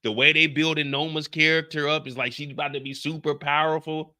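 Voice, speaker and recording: A young man recapping a TV episode on a live stream, telling it in an animated, profane way and talking to his chat. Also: a little high, brisk.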